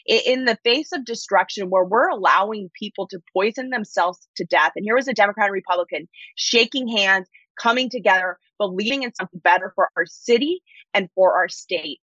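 A woman's voice: mid-range voice, lively intonation, a little fast, a bit bright, dry recording, highs cut off. A woman political candidate giving an upbeat, insistent campaign-style interview over a remote link. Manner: upbeat, insistent stump-speech delivery. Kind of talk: campaign talking points.

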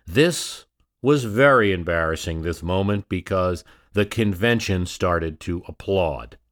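A man's voice: sits low, unhurried. A man narrating a history story in a dramatic scripted style, with rhetorical questions and shifting emphasis.

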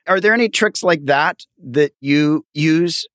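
Friendly man hosting a chat, higher voice. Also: moderate pace, few pauses, fairly bright tone, no room sound, studio quality. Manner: friendly, acts out quoted voices. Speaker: podcast host and accountant. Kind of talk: casual interview chat.

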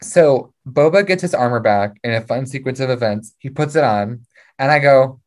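A woman chatting casually with friends about a show, telling the story with lots of energy. She slips into quick impressions of the characters as she recaps. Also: extremely low pitch. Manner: animated storytelling, acts out characters. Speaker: podcast co-host.

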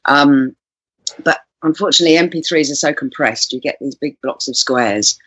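A woman with a low voice recounts a personal experience as an interview guest, earnest and pausing to search for words. Her tone is husky, and the recording is close and dry with no room sound. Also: a bit bright, dry recording, lo-fi sound. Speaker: guest, composer and musician.

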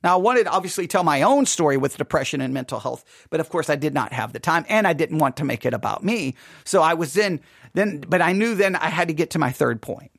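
Man preacher, high voice, dry close sound, earnest retelling of his sermon with restarts. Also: expressive, fast talker, gravelly, fairly bright tone, dry recording. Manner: earnest, emphatic, with frequent restarts. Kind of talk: recounting a funeral sermon.

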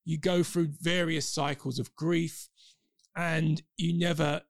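High-voiced Cockney man, dry sound. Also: flat delivery, slow, creaky, no echo. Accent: London Cockney. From London. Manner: jokey, rambling, playful asides. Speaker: podcast co-host. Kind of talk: casual podcast chat.

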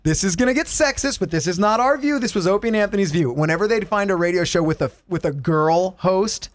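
High-voiced man ranting on a podcast. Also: quick pace, dry recording. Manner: animated, swearing, mimics radio voices. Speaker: podcast co-host. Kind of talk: casual comedy chat.

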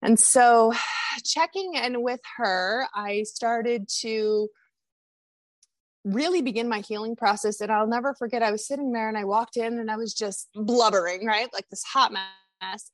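A woman with a fairly high voice tells her personal story on a podcast. She is candid and confessional, with animated retelling. The sound is dry and close. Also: a little slow, no echo. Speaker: podcast guest.

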